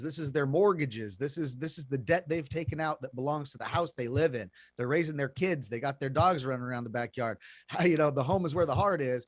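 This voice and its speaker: A man's voice: fairly high pitch, dry recording, clean studio sound. A male host explaining investing to his listeners in a chatty way, often repeating words and calling the audience "folks.".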